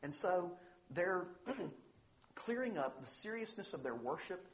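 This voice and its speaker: A man's voice: high voice, sing-song, takes it slowly, fairly bright tone. A man preaching a sermon, earnest and emphatic, pressing hard on the scripture he reads out. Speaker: pastor.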